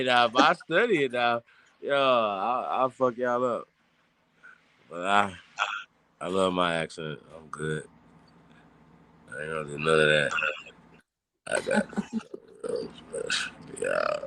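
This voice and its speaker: A man's voice: low-pitched, pushed and bright, a little hiss or hum. A man hosting a casual podcast chat in African American Vernacular English, rambling loosely with many restarts. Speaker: podcast host.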